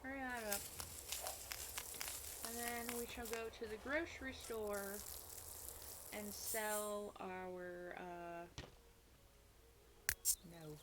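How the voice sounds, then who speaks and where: A woman's voice: medium pitch, fairly even intonation, slow, long pauses. A woman casually commenting while playing a life-simulation game, rambling and correcting herself as she talks between bites. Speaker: gaming streamer. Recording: loud background noise from game and music.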